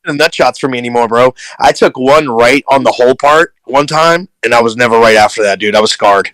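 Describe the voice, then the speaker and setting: A man on a podcast panel telling stories in casual chat, animated and slangy. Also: mid-range voice, brisk, dry recording, low-quality recording.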